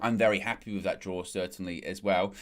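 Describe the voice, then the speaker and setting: A man's voice: low-pitched, steady tone, fairly quick. A man hosting a football fan show, chatting casually after a match and building up emphasis on his key points. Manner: reads out quotes then comments. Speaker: football fan-channel host.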